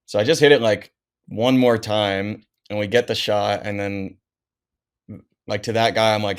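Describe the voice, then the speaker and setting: Low, gravelly laid-back guy. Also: steady tone, measured pace. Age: 30s. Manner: laid-back, full of "like" and "dude". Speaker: podcast guest, pro skier. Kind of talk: casual storytelling chat.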